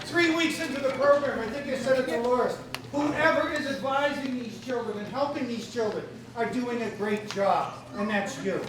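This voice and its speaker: A male economics teacher giving an energetic graduation speech, leading the audience in cheers. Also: extremely high pitch, normal speed. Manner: energetic, leads the crowd in cheers. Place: large hall with crowd. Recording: roomy hall, distant mic, loud crowd.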